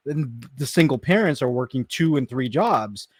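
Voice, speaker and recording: A man's voice: expressive, normal speed, no room sound, clean studio sound. A man from Canada co-hosting a podcast, talking frankly and reflectively in casual chat. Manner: reflective, talks frankly, often drops low and quiet. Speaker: podcast co-host.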